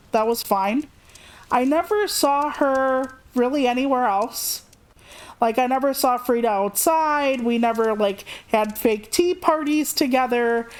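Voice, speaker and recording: High-voiced chatty woman telling a story. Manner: chatty, animated, acts out quotes with raised pitch. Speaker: streamer. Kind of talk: casual storytelling on a live stream.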